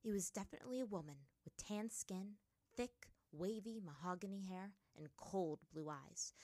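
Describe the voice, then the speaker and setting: A woman narrating a fantasy story aloud in a steady storytelling manner. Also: mid-range voice, normal speed, no echo, studio quality. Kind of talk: reading fan fiction aloud.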